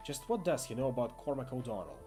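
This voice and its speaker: A man reading an interactive fiction game aloud in expressive second-person narration, with occasional asides. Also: mid-range voice, quick pace, music in the background. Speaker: game player and reader.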